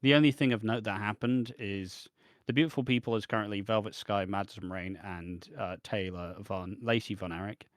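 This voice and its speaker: A man with a lowish voice, talking in a laid-back, offhand way as a podcast co-host. His remarks are dry and tend to trail off, and the recording is close and dry with no room sound. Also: steady tone, brisk, no echo. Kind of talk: casual chat reviewing wrestling.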